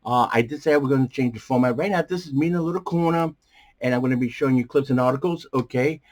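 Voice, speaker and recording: A man hosting a movie review show from a small bedroom studio, talking in a rambling, animated way with many fillers and a strained, coughing voice. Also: mid-range voice, fast. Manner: animated, jumps around, many fillers and restarts. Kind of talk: casual rambling commentary.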